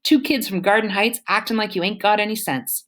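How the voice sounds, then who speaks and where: A woman's voice: mid-range voice, fairly quick, fairly bright tone, pitched above the performer's own voice, lightly acted. A woman reading aloud, voicing a worried mother scolding her teenage daughter in a firm, earnest way.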